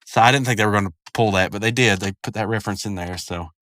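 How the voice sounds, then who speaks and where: A man's voice: fairly low pitch, fast, a bit bright, dry recording, studio quality. A man giving casual commentary on a cartoon episode, rambling along with lots of fillers and restarts. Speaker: video commentator.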